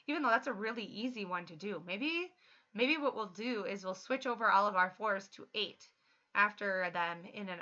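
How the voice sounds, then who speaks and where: A thirty-year-old woman chatting casually while livestreaming a game, upbeat and quick to laugh. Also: medium pitch, pushed and bright. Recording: slightly muffled lo-fi stream audio.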